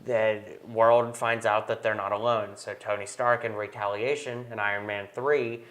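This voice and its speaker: A man's voice: lowish voice, flat delivery, normal speed, fairly bright tone. A young man hosting a casual movie review chat, talking with enthusiasm. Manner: enthusiastic, chatty, quotes lines in put-on voices. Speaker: host.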